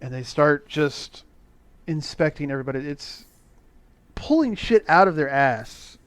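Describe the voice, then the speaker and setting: A middle-aged man casually recapping an old movie on a podcast, sarcastic and profane, with animated asides. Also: fairly high pitch, a little slow, clear, resonant tone, no echo. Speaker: podcast co-host recapping a film. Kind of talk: casual chat.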